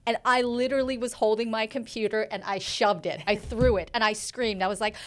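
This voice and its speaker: Woman reporter telling a story, kinda high voice, acts out the quotes big. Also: steady tone, a little fast. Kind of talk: animated anecdote.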